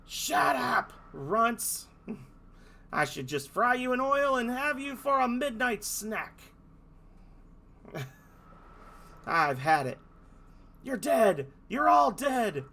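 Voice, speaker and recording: A man voicing a bullying male ice dolphin monster with a put-on Australian accent, gruff and threatening. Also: extremely high pitch, very animated, takes it slowly, pauses often, bright, forceful tone, voice pushed up, full character voice. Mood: furious.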